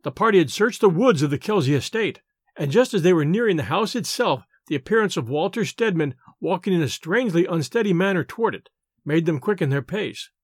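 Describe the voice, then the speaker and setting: A man reading classic stories aloud in a measured, dramatic narration. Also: high voice, animated, husky, no echo, clean studio sound. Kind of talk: scripted story narration.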